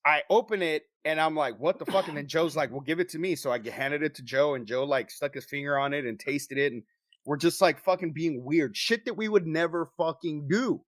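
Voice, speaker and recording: A man co-hosting a podcast, telling a story in casual chat with lots of swearing and animated delivery. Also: a little high, brisk, no echo, clean studio sound. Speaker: podcast co-host.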